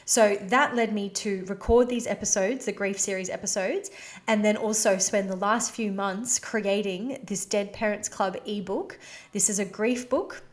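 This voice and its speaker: A woman's voice: medium pitch, fairly even intonation, a little slow. A woman hosting her own podcast, talking candidly and emotionally in a casual, heartfelt way, with "you know" and "like" scattered through her speech. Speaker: podcast host. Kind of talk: personal confessional podcast talk.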